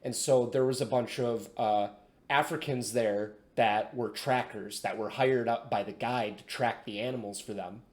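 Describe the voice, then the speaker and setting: A man's voice: medium pitch, steady tone, moderate pace. Laughing, swearing man telling a story. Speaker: podcast co-host. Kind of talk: casual chat.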